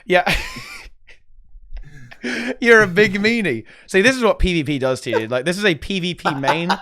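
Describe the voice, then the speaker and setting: Excitable, dry-voiced male gaming host. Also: sits high, normal speed, dry recording. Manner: excitable, repeats "okay?" and "dude". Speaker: podcast co-host. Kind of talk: casual gaming chat.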